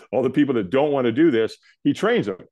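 An older man from California, a podcast guest telling a personal story in a lively way, acting out the other people's lines. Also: medium pitch, fairly quick, lo-fi sound. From California, USA. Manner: animated storyteller who acts out the quoted voices. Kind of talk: storytelling in an interview.

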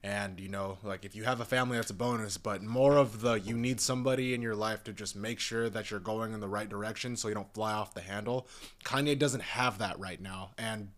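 A man's voice: lowish voice, fairly even intonation, brisk, a bit bright. A young man in a casual, profane, rambling rant, talking in an exasperated way. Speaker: commentator.

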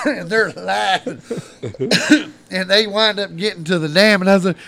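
A middle-aged man with a drawl tells a rowdy story on a casual podcast. His voice sits a bit high and he swears freely. He leaps into loud, worked-up quotes, then drops back to a low mutter. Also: normal speed, vocal fry, no echo. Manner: profane, animated, swings loud for quoted lines. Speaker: storyteller guest.

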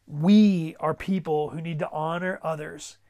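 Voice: medium pitch, steady tone, unhurried, dark tone. A pastor preaching a sermon in a conversational way, repeating words and pressing urgent exhortations.

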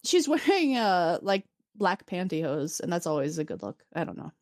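A woman's voice: lowish voice, moderate pace, dry recording, clean studio sound. A woman co-hosting a podcast, chatting casually as she recaps an episode and acts out the characters' lines. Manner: animated, acts out characters in quoted voices. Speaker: podcast co-host.

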